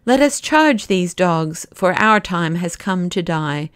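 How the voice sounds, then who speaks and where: A woman's voice: lowish voice, expressive, slow, clean tone, no echo. A woman voicing a fierce young male poet-detective in an audiobook, declaiming with passion. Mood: rallying. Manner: declaiming, impassioned.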